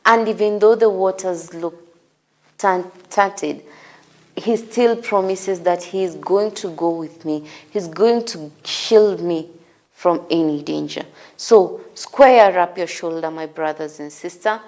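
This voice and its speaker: A woman hosting a morning devotional, preaching slowly with repeated, encouraging exhortations. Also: fairly low pitch, a little mellow. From Kenya. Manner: slow, repetitive, encouraging exhortation. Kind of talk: sermon.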